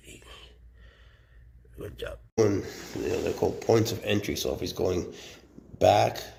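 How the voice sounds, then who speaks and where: Male animal keeper, fairly low and gravelly, casual and affectionate vlog delivery. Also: dark tone, reverberant. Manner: chatty and affectionate, coos to his animals.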